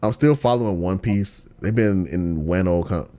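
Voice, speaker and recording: A man hosting a podcast in casual chat, slangy and ranting, dropping to low mumbles and then bursting into excited outbursts. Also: normal speed. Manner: slangy, lots of fillers and restarts. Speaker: podcast host.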